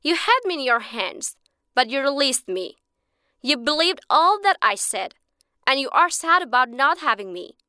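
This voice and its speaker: A woman doing a tiny talking bird from a storybook, high and bright in tone. It lectures with calm patience, its voice leaping up and down, smooth and close in a dry recording. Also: normal speed, dry recording, exaggerated voice. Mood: earnest. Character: small magical talking bird, wise and calm.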